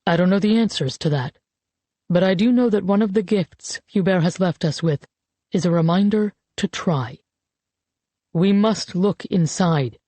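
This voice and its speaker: A woman voicing a grieving grown man, a father giving a eulogy, in an audiobook; he speaks slowly and measuredly. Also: fairly low pitch, dark tone, dry recording. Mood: solemn. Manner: slow, measured, solemn speech. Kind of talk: audiobook character reading.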